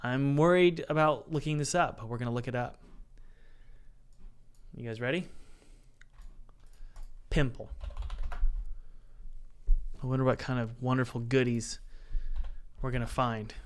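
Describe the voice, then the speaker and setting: Guy streaming game dev, smooth clear voice, jokey, talks to chat while he works. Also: mid-range voice, steady tone, unhurried, long pauses. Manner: playful, jokey, chats directly with the live chat; talks himself through software steps aloud. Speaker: indie game developer and streamer.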